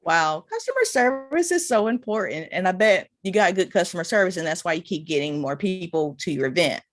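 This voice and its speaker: A woman's voice: on the low side, lively intonation, brisk, no room sound, studio quality. A woman hosting an interview on a video call, speaking hesitantly with many ums and uhs. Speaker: interview host. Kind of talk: casual interview chat.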